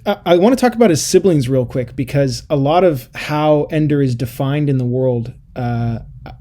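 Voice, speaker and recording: Guy with a warm mellow voice chatting about a novel, lots of um and restarts. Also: mid-range voice, moderate pace. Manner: thoughtful, many restarts and fillers. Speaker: podcast co-host. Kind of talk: casual book discussion.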